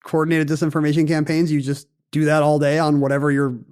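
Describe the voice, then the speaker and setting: A man co-hosting a podcast, laying out a strange story in a wry, meandering way. His voice sits a little high for a man, and he keeps the tone conversational as he trails off into fillers. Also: monotone, quick pace, darkish tone, clear, resonant tone. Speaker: podcast co-host.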